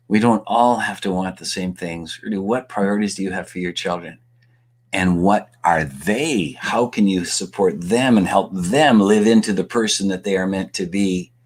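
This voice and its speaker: A man from Canada, a guest speaker and author, giving a storytelling talk and acting out the dialogue vividly. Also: deep voice.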